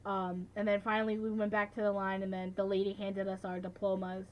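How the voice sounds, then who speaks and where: A young woman in her late teens talks through her memories in a relaxed vlog. Her voice sits at a middle pitch and stays fairly flat in intonation. She is chatty and keeps filling her sentences with "like" and "you know". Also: a little fast, rough recording. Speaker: vlogger. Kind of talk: casual vlog recap.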